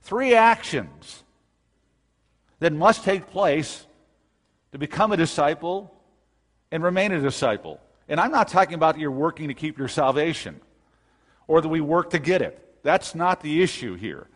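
Male pastor, slightly high voice, emphatic sermon delivery, long hall reverb. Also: lively intonation, normal speed, long pauses. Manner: emphatic preaching, rising to loud bursts. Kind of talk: expository sermon.

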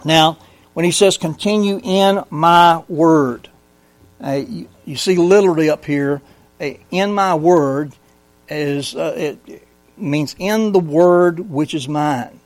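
Guy teaching a bible lesson, kinda high voice, chatty, asks the room stuff, dry close sound. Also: darkish tone, dry recording. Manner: conversational, asks the room questions, reads scripture slowly. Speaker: pastor teaching a Bible study. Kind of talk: sermon-style Bible teaching.

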